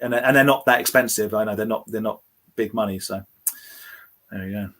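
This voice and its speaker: A man co-hosting a casual toy livestream, telling stories in a rambling, animated way with many restarts. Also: on the low side, fairly quick. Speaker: toy show co-host.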